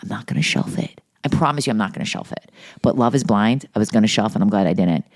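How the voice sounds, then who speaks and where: Speaking fast in an extremely low voice, this middle-aged woman co-hosts a podcast. Her casual chat is full of animated, gossipy stories laced with profanity.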